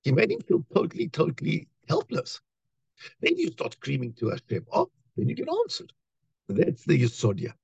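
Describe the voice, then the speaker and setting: A man giving a lively Torah talk, telling a story and acting out the voices of its people. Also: fairly high pitch, moderate pace, vocal fry, breathy edge, no room sound, muffled recording. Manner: animated storyteller, acts out voices, many restarts. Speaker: rabbi.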